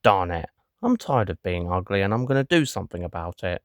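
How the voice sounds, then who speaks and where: A man's voice: sits low, big pitch swings, brisk, no echo, clean studio sound. A man voicing a sulky teenage boy in a comic strip who complains about his looks. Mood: glum. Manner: glum, grumbling. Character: sulky unattractive teen boy, Ugly Eugene.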